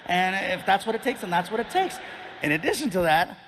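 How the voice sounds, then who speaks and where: A man doing a stand-up set, telling animated, exasperated stories about fatherhood to a live audience. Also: sits high, quick pace, slight background noise. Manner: animated storytelling, exasperated dad. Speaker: stand-up comedian. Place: live stage before an audience.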